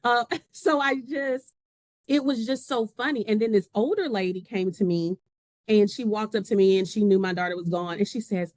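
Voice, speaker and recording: A woman guest on a podcast recounts her story in a lively way, putting on the voices of the people she quotes. Her voice sounds dry and close, with almost no room around it. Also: medium pitch, normal speed, no echo. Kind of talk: casual conversation.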